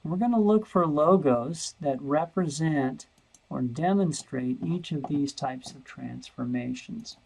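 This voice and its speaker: Slow, gravelly-voiced male math teacher. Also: fairly high pitch, darkish tone, poor audio. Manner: slow, thinking aloud, repeats words while searching. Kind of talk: screen-recorded lesson walkthrough.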